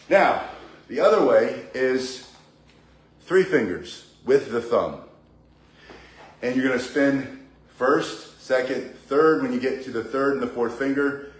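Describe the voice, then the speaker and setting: A male martial arts instructor giving a live online bo staff lesson indoors, chatty and prone to joking asides. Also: medium pitch. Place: indoor room with a ceiling. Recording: echoey indoor room.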